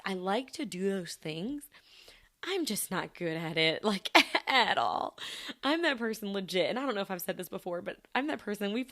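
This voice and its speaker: Brief: female podcast host, lower-leaning voice, casual chatty delivery with frequent laughs. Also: a bit bright. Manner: chatty, laughs often between thoughts; talks to listeners directly. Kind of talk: casual personal chat.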